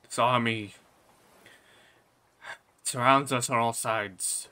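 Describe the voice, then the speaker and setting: A man voicing an aging, stern king who is quick to rage, with a grave, heavy way of speaking. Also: mid-range voice, fairly even intonation, bright, forceful tone.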